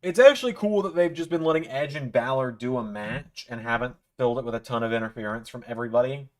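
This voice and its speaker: A man's voice: mid-range voice, quick pace. A man casually reacting to a wrestling event on a live stream, chatting loosely with a few offhand swears and mumbled asides.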